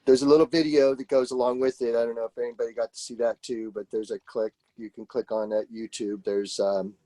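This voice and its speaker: A man talks in a humble, halting way, pausing on fillers. His tone is mellow and warm, and the sound is dry and close. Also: medium pitch, level tone, no echo. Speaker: award recipient. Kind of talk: casual meeting chat.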